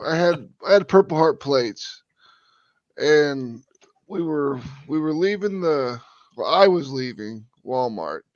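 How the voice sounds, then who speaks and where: A man co-hosting a casual podcast, offhand and low-key. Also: lively intonation, slow, darkish tone, dry recording. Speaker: podcast co-host. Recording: dull lo-fi remote audio.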